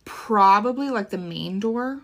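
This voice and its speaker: A woman's voice: medium pitch, lively intonation, a little slow, gravelly. A young woman from Florida co-hosting a true crime podcast, chatting casually in a blunt, profane way and often laughing. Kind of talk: casual chat.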